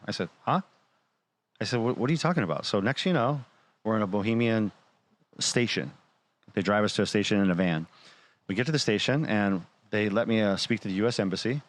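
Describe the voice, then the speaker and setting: A man's voice: fairly low pitch, fairly quick, long pauses. A man telling a long personal story in casual talk, acting out what others said to him. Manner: animated, quotes others in dialogue. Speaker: show guest or panelist.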